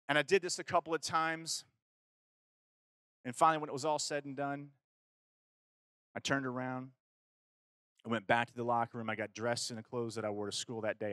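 A man's voice: medium pitch, no echo. A man from Kentucky speaking to a youth audience, telling a personal story casually, with fillers and acted-out dialogue. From Kentucky, USA. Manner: animated storyteller who acts out dialogue; casual, with fillers and self-corrections.

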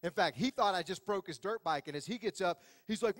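A man preaching a sermon as pastor, telling a story with lively acted-out quotes. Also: sits high, fast talker, few pauses, dry recording, in a large hall. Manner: animated storytelling, acting out quotes. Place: church sanctuary.

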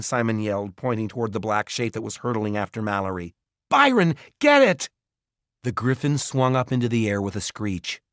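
A man reading a children's fantasy audiobook in a measured, expressive narration. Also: medium pitch, dry recording, studio quality. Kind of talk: scripted narration.

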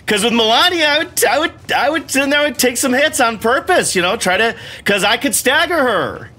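A man's voice: high voice, bright, forceful tone, a little hiss or hum. A middle-aged man at home giving casual gameplay commentary, frustrated and swearing as he talks himself through a fight. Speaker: gamer. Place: home room.

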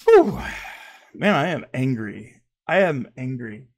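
A man hosting his own commentary channel, heated and mocking, swinging between loud outbursts and quiet asides. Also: on the high side, expressive, normal speed. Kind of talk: ranting commentary.

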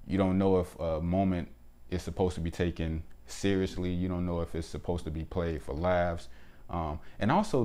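A man's voice: deep voice, darkish tone. A man hosting his own channel, giving a casual spoken movie review from indoors at home, opinionated and chatty with lots of "you know" and "like". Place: indoors at home with windows closed.

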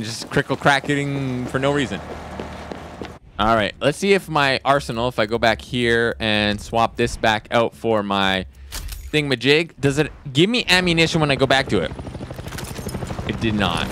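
A man's voice: mid-range voice, expressive, moderate pace. A man playing a video game, joking and thinking aloud in casual let's-play commentary. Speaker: gaming streamer. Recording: game sounds and noise behind.

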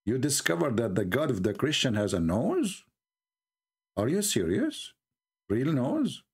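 A man's voice: mid-range voice, huge pitch swings, unhurried, a little mellow, breathy edge. A man hosting a mocking commentary, sarcastic, laughing often, in broken English. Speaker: channel host.

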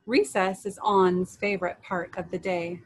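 A woman leading a children's story and meditation, reading aloud in a gentle, soothing way. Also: on the low side, fairly even intonation, unhurried, a little hiss or hum, low-quality recording.

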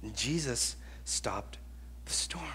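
Man preaching slow n animated, bright voice, acts out the story voices. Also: medium pitch, whispered. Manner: conversational, with frequent restarts. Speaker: pastor. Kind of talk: sermon.

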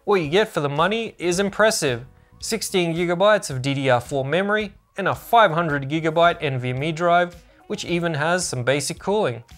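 A man's voice: on the high side, normal speed, fairly bright tone, faint music behind. A man narrating a scripted product review as a tech channel host, upbeat and informative.

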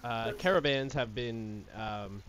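Brief: young male player, mid-pitched, hesitant and polite, clear noise behind him. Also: slow, fairly bright tone, rough recording. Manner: hesitant, polite, many fillers.

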